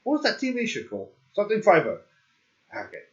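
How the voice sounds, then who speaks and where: A man's voice: sits high, huge pitch swings, quick pace, lo-fi sound. A man streaming a game, chatting casually, rambling and joking and laughing at himself. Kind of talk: casual livestream chat.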